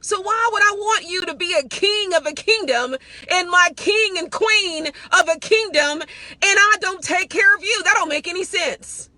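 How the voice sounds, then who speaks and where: A woman's voice: very high-pitched, moderate pace, pushed and bright, no room sound. A middle-aged woman preaching live with fervour, often calling out to her listeners as y'all. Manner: fervent, calls out to listeners as y'all. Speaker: host and preacher.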